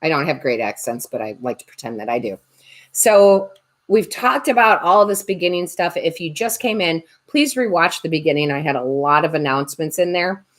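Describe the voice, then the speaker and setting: A woman's voice: sits low, lively intonation, moderate pace. A woman tarot reader and medium chatting on a livestream, joking and reading viewer comments aloud. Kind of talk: casual livestream chat.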